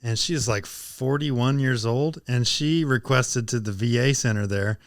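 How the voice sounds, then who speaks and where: A man's voice: mid-range voice, a little slow, no room sound, studio quality. A man co-hosting a podcast, recounting news stories in casual chat. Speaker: podcast co-host.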